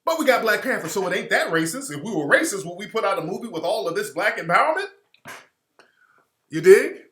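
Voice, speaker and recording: Middle-aged guy ranting on his radio show, profane and animated, kinda high voice, room echo. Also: brisk. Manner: blunt, profane and animated, mimics others in quoted voices. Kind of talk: opinionated radio commentary.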